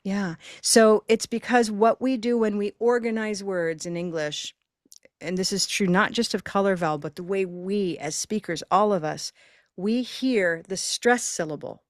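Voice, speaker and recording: A woman teaching pronunciation in a live online class, encouraging her students and stretching words out slowly to demonstrate the sounds. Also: mid-range voice, no echo, clean studio sound. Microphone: video call.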